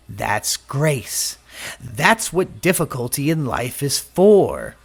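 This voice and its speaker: A male preacher delivering a sermon with a lively, swinging pitch. He tells his own story and slips into the voices of the people he quotes. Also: takes it slowly, creaky, breathy edge. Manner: personal testimony, acts out quoted voices.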